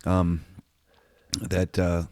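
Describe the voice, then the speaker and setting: A man asking his father questions casually, pausing and searching for his words. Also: sits low, monotone, a little mellow, dry recording, clean studio sound. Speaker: son and co-host. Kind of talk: casual conversation.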